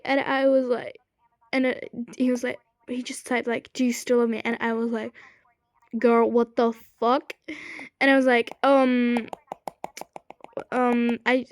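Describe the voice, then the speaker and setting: Young girl ranting a storytime vlog, high voice, dry close sound, swears a lot. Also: dry recording. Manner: rambling, swears a lot, exasperated. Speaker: small creator.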